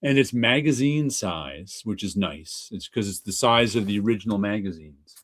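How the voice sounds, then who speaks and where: A man's voice: on the low side, expressive, normal speed, no echo. A man hosting a podcast who tells anecdotes in casual chat, quoting himself and laughing often. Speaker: podcast host.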